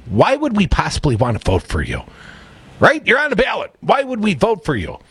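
A man co-hosting talk radio, sarcastic and animated, his pitch swinging widely. His voice is husky and fairly high. The studio sound is dry and close. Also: brisk, dry recording. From Madison, Wisconsin. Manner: animated, sarcastic, reads news aloud. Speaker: radio co-host. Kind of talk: casual political talk radio.

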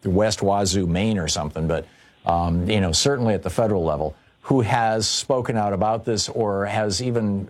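A man hosting a political call-in radio show, sarcastic about the news and then earnest and alarmed, often restarting his sentences. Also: on the low side. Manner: halting, with repeated restarts. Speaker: radio talk show host.

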